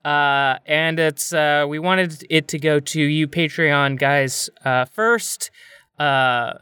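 A man opens a podcast episode in a loose, jokey way, peppering his talk with fillers. His voice is bright and crisp, sitting a little high, with a dry, close sound. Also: slow, dry recording. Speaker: podcast host. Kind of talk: casual podcast intro.

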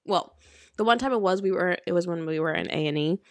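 A woman's voice: on the low side, fast talker, no echo. Young woman, casual chat, acts out quotes, laughs a lot, very dry close sound.

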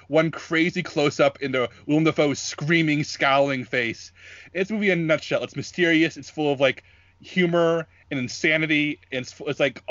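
A man hosting a podcast in casual chat, eager and quick when pitching his picks, on dull lo-fi audio. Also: fairly bright tone, dry recording. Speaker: podcast host.

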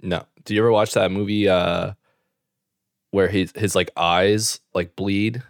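Deep-voiced man rambling in casual chat. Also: steady tone, unhurried, no room sound, clean studio sound. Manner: rambling, loose, full of fillers. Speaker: podcast co-host.

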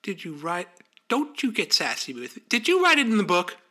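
A man's voice: fairly high pitch, big pitch swings, moderate pace, pushed and bright, full character voice. A man putting on Mitch, a pompous bossy agent. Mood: scolding. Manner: pompous, condescending, domineering. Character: bossy self-important male literary agent boss.

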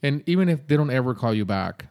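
Male podcast host, mid-pitched, casual and blunt, talking advice straight to the listener. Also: lively intonation, quick pace, darkish tone, clear, resonant tone. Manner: blunt, conversational, with mild swearing.

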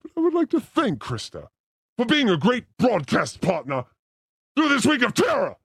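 A man's voice: very high voice, wildly swooping pitch, moderate pace, fairly bright tone, husky, no room sound, studio quality. A man hosting a podcast with a crude, theatrical, joking manner. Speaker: podcast host. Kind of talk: crude casual banter.

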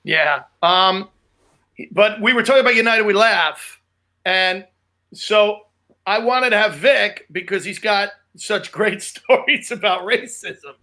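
A man hosting a casual talk show, chiming in with quick agreements. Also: sits high, pushed and bright. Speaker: podcast host. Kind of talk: casual chat.

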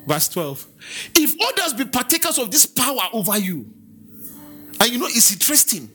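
A man's voice: very high-pitched, very animated, moderate pace, pushed and bright, slightly rough, soft background music. A Nigerian man preaching in a church, swinging between conversational asides and chanted King James scripture. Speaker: pastor. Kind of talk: sermon.

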